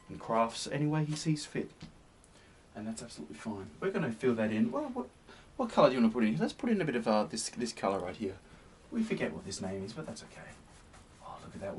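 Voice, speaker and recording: A man hosting a painting demonstration, gentle and encouraging, often sinking to a soft near-whisper. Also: fairly low pitch. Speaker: painting tutorial host. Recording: slightly distant mic with faint hiss.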